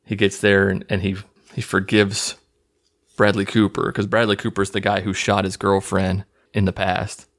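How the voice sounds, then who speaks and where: A man's voice: low voice, completely flat delivery, moderate pace. A man hosting his own channel, casually recapping a movie in a rambling, profane, amused way. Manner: rambling, profane, laughing at scenes. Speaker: movie review host.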